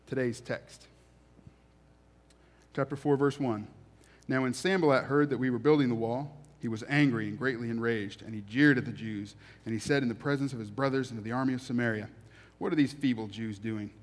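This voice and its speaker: Male preacher, reads scripture then unpacks it plainly, repeats lines for emphasis; mid-pitched voice, long reverb of a hall. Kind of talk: sermon with scripture reading.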